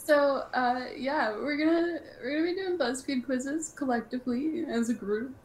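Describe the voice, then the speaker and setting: A young woman hosting a casual podcast, talking in an animated, chatty way with lots of fillers. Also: high voice, moderate pace, slight background noise. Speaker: podcast host.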